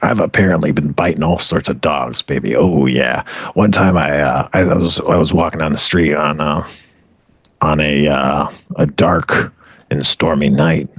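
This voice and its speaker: A very low, husky male voice rolls through a rambling comic bit, boasting with deadpan swagger. The sound is dry and close, with no room around it. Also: measured pace, no room sound. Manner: deadpan absurd storytelling with swagger. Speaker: comedy podcast co-host. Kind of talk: improvised comedic bit.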